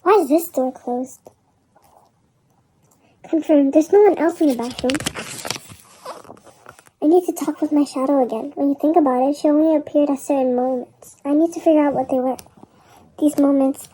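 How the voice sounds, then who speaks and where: Woman narrator for a fan drama, high voice, very mellow tone, uneasy. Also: steady tone, moderate pace, pauses often, rough recording. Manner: uneasy inner monologue. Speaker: narrator and lead reader.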